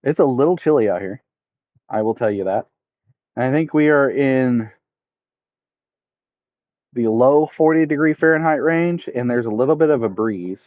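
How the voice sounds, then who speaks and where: A man's voice: medium pitch, normal speed, long pauses, dry recording. Man with a tinny headset sound. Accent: mild Southern US. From United States. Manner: relaxed, explains step by step, chats with viewers. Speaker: streamer. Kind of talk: casual fishing livestream tutorial. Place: outdoors at a park by water. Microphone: headset mic. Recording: tinny dry phone-like headset audio.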